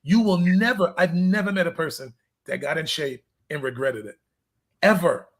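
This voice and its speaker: Guy w a raspy high voice, fitness coach chatting casually, tells stories n does the dialogue. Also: moderate pace. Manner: loose, storytelling, acts out conversations. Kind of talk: casual interview chat.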